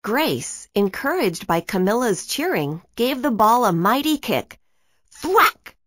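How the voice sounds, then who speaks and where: A woman's voice: a little high, a little slow, no room sound. Woman reading a kids' storybook. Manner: expressive, storytelling. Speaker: narrator. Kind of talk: children's book read-aloud.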